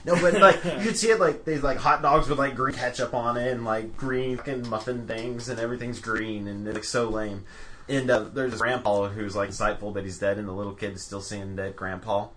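A young man in casual podcast chat, telling stories excitedly and swearing freely. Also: medium pitch, a little fast, slight background noise. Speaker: podcast co-host.

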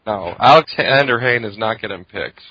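A man co-hosting a podcast, joking and bantering quickly in casual chat. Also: fairly low pitch, expressive, bright, forceful tone, slightly rough, no echo. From Canada. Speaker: podcast co-host. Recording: dull muffled call audio.

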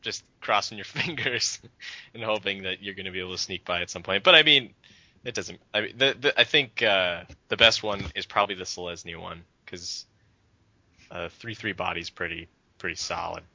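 Podcast co-host, man, very low voice, sharp edge, quick agreeing remarks, dull dry recording. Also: no room sound. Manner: short agreeing interjections, enthusiastic. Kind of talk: casual chat.

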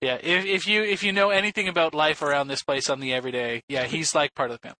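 Man, casual podcast chat, excitable storyteller, bright voice, slightly high. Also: quick pace, no echo, rough recording. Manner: excitable storyteller, swears freely.

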